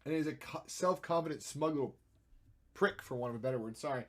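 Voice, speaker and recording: A man's voice: medium pitch, lively intonation, fast. Chatty man thinking aloud on stream. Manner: chatty, thinks aloud while working, jumps between loud and quiet; playful, makes silly sound effects. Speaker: streamer editing photos. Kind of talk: casual live-stream commentary.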